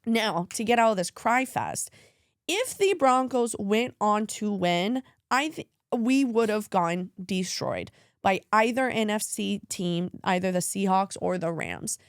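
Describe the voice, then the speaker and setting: A woman's voice: medium pitch, expressive, measured pace, clear, resonant tone, dry recording. Woman, podcast co-host, casual sports chat, gushing, close to tears, dry close sound. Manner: emotional, tearful, gushing. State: crying at times.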